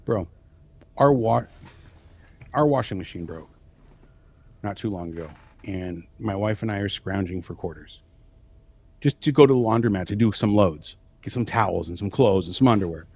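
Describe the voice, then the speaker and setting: A man's voice: on the low side, animated, moderate pace, long pauses, darkish tone, slightly rough. A man co-hosting a casual podcast conversation, talking bluntly and swearing freely as he speaks about parenting. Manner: blunt and profane, with frequent swearing. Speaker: podcast co-host and father.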